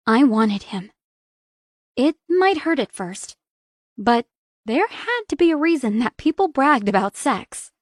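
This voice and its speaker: A young adult woman narrating a first-person romance audiobook in a soft, intimate reading. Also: a little high, dry recording, studio quality.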